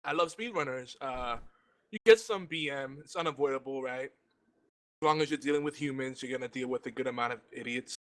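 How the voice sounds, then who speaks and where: A man's voice: medium pitch, a little fast. Man chatting while eating. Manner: rambling, relaxed gamer talk. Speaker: guest panelist. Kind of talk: casual round-table chat.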